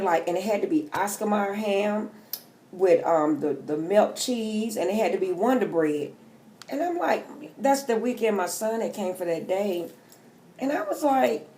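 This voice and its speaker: A middle-aged woman does a tarot-reading vlog from home, chatting casually, joking, and speaking loosely with profanity. Her voice is medium-pitched with a dark tone.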